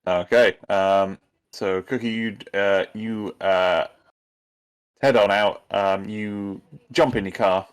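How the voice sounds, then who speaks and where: A man running a tabletop role-playing game as game master, narrating in a halting way with frequent ums and restarts. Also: lowish voice, fairly even intonation, clear, resonant tone. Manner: hesitant, many ums and restarts.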